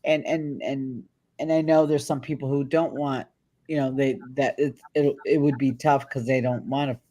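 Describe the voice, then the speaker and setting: A woman's voice: extremely low pitch, steady tone, normal speed, warm tone. A woman hosting a casual interview, speaking hesitantly and trailing off mid-thought. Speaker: host.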